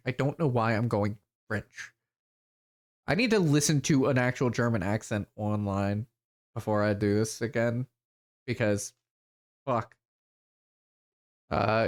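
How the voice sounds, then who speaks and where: A man's voice: mid-range voice, measured pace, long pauses. Casual, swearing male streamer. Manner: casual, swears freely, self-deprecating. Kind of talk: casual let's-play commentary.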